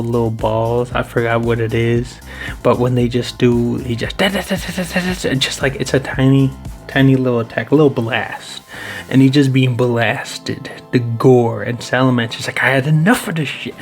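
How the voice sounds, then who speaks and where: A man's voice: mid-range voice, a little mellow. A man hosting a card collecting video, giving casual, playful review commentary and addressing viewers as boys.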